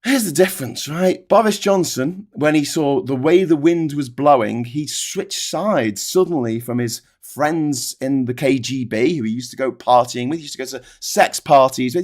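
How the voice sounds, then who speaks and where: A man's voice: medium pitch, a little mellow. A man hosting a political livestream, ranting angrily and sarcastically with plenty of swearing.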